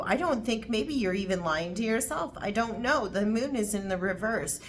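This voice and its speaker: A woman's voice: mid-range voice, expressive, moderate pace, noisy background. A woman giving a casual tarot reading to camera, blunt and repetitive, swearing freely as she talks. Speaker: tarot reader.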